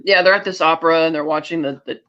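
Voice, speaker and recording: A man co-hosting a podcast, recapping a movie in casual chat and slipping into quick character voices. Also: fairly high pitch, fairly even intonation, bright, forceful tone. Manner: retells scenes with quick offhand character voices. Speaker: podcast co-host. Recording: dull lo-fi audio.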